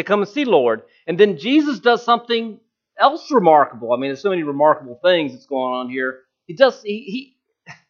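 Guy preaching a chatty sermon, highish voice, jumps all over in pitch, kinda muffled lo-fi sound. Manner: conversational, self-deprecating storytelling.

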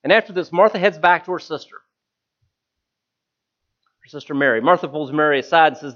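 A man's voice: a little high, brisk, pauses often, fairly bright tone, dull audio. A man preaching a conversational sermon, retelling a story with self-deprecating asides.

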